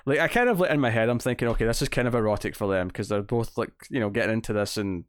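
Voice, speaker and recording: A man's voice: lowish voice, rapid-fire, dry recording, studio quality. A man co-hosting a podcast. He chats casually and rambles, with many fillers and restarts. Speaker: podcast co-host. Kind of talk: casual chat.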